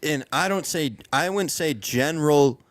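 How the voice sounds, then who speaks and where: A man's voice: on the high side, unhurried, dry recording, clean studio sound. A man co-hosting a podcast in casual chat, rambling and joking, often restarting his sentences. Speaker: podcast co-host.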